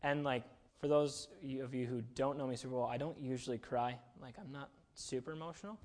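A man's voice: mid-range voice, fairly even intonation, a little fast, a little mellow. A young man giving a casual, chatty sermon, self-deprecating and full of fillers. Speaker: preacher.

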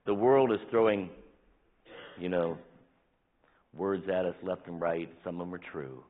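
Speaking at a normal speed, a deep-voiced pastor with a husky texture delivers his sermon, moving from forceful outbursts to quiet, almost whispered remarks. His storytelling feels fatherly, though the sound is tinny and thin, as if over a phone.

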